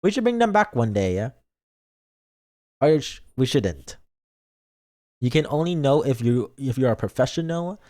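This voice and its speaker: A man's voice: mid-range voice, very animated, a little slow, pauses often, a little mellow. A young man streaming as a vtuber, chatting casually with viewers, playful, with dramatic mock outrage and frequent stumbles over words. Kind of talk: casual livestream chat reading comments.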